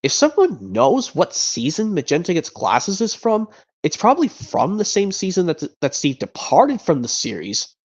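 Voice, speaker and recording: A man's voice: high-pitched, huge pitch swings, moderate pace, breathy edge. A man streaming, chatting casually and rambling with frequent restarts and repeated words. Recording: dull lo-fi sound.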